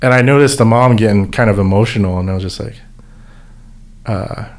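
A man tells a story in a loose, rambling way, stopping and restarting with plenty of fillers. His voice sits a little low. He speaks as a volunteer who organizes events. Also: fairly quick. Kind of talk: casual storytelling.

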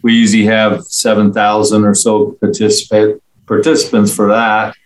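A middle-aged local man from England, interviewed as a guest, chats casually with rambling, friendly stories full of fillers. His lowish voice is completely flat at a moderate pace, and the audio is poor.

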